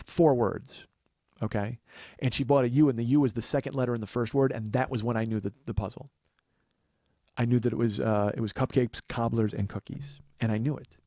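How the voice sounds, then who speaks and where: A man in his forties spins a long comic story with plenty of swearing, his pitch sitting in an ordinary middle range. He gets more animated as the story builds and sometimes bursts into loud shouts. The sound is dry and close to the mic. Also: no echo. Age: 40s. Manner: animated, profane, shouts quoted outbursts. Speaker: podcast host.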